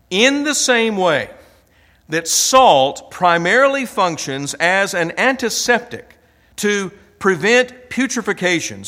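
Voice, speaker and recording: A man preaching a sermon, pressing hard on single words with a measured, deliberate delivery. His voice sits a little high for a man. The sound carries the long reverb of a large hall. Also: bright, forceful tone. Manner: measured preaching with emphatic stresses. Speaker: pastor.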